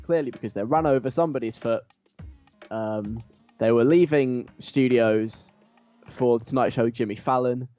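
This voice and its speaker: A man's voice: mid-range voice, a little mellow, highs cut off. A man presenting a radio show, chatting casually with enthusiastic, nerdy asides.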